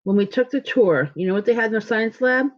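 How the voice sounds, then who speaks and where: A woman voicing a coaxing, gentle storybook mother. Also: a little high, lively intonation, fast, pitched above the performer's own voice, close to an everyday voice. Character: gentle persuading mother, middle-aged. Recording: dull lo-fi recording.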